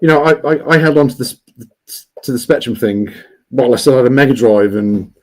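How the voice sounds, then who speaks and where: A man chatting casually as a guest on a livestream, rambling with many restarts and fillers, talking loudly. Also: medium pitch, brisk, low-quality recording. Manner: says he is always loud.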